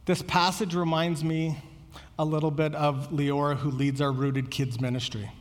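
A man's voice: a little high, little pitch movement, moderate pace, long reverb tail. A man preaching a sermon as pastor, earnest and conversational, often repeating words as he goes.

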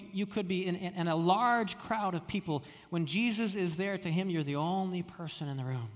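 A man preaching a sermon, telling stories with frequent restarts and stammered repeats, dropping soft when quoting. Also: a little high, big-room sound. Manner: storytelling, many restarts and stammered repeats, drops soft for quoted words. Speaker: pastor.

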